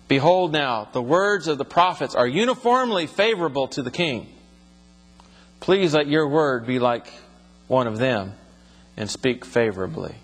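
Man, bible teacher, reads verses then explains, slightly high voice, long echo, low hum. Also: fairly bright tone, husky. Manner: reads scripture aloud, then explains it in plain talk.

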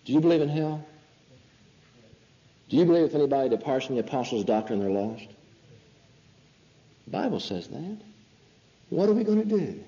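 Male preacher, mellow voice, pressing rhetorical questions; dull old recording in a reverberant hall. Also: a little high, lively intonation, moderate pace, long pauses. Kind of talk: sermon.

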